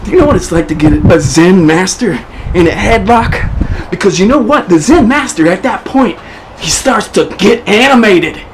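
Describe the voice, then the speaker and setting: A man delivering a profane, manic improvised comedy rant to the camera, often shouting. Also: sits high, animated, normal speed, a little hiss or hum, low-quality recording. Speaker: performer of an improvised comedy monologue.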